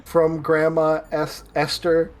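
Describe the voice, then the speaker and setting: A man's voice: on the high side, completely flat delivery, slow pace. Playful male co-host. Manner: playful, jokey, laughs at own lines. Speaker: co-host in a live AI story stream. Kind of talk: casual chat and story reading.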